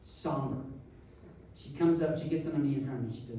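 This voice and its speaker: A young adult man, a pastor, giving a sermon through an animated, self-deprecating personal story. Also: medium pitch, fast talker, slight background noise. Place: church sanctuary. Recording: echoey church hall from far off.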